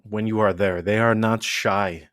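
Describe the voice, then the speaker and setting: A man hosting a casual podcast chat, animated and rambling, full of asides and restarts. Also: lowish voice, unhurried, dry recording, clean studio sound. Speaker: podcast host.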